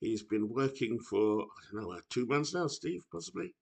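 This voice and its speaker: A man's voice: medium pitch, animated, normal speed, creaky, a little mellow, breathy edge. A British man chatting casually to his viewers about a baseball video game, rambling and often correcting himself, recorded on a laptop microphone. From United Kingdom. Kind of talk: casual chat to camera.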